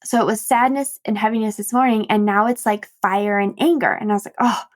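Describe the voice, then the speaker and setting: A woman's voice: medium pitch, fairly quick. A woman podcast host and coach telling a personal story in a candid, self-mocking way, laughing often and acting out quoted dialogue. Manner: animated retelling with quoted dialogue.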